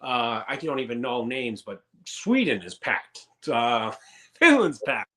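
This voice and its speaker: A man's voice: mid-range voice, big pitch swings, slow pace, fairly bright tone. A man in his thirties, a former pro hockey player, telling rambling, profane stories in a casual interview. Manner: rambling and profane, many fillers.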